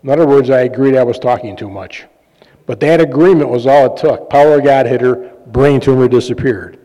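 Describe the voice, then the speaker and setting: A man's voice: mid-range voice, a little fast, mellow, dull audio. A man preaching a sermon, telling personal stories in a conversational, joking way with fillers and laughs. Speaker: pastor and healing minister. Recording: long reverb of a large hall.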